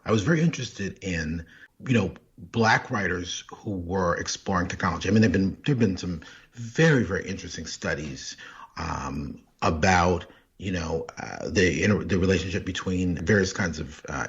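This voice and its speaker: Husky low-voiced man, thoughtful and halting. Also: fairly bright tone, lo-fi sound. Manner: thoughtful, halting with restarts and fillers. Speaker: poet and author, guest. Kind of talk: casual interview talk.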